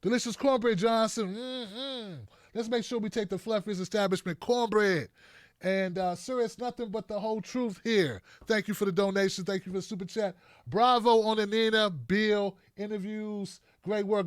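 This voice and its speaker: A man's voice: high-pitched, no room sound, studio quality. A man hosting a live political commentary stream, talking bluntly and mockingly off the cuff. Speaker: host.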